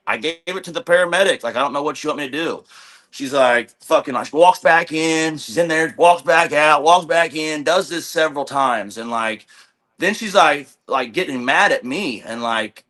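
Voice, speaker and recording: Bright-voiced man telling a rambling story. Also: on the high side. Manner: rambling, profane, retells with quoted dialogue. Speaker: guest. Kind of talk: casual storytelling in a podcast chat.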